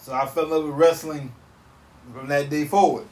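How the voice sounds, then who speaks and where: A man in his thirties hosting a podcast, ranting casually in an animated, repetitive, emphatic way on a back porch outdoors. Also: on the high side, moderate pace. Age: 30s. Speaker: podcast host. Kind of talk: casual solo rant. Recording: roomy sound from off mic.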